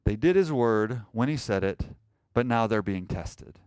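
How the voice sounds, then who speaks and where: A man's voice: fairly low pitch, a little slow, clear, resonant tone, no echo. A man preaching a sermon, asking the congregation rhetorical questions and acting out panicked cries. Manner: animated preaching, rhetorical questions, acts out shouts. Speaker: pastor.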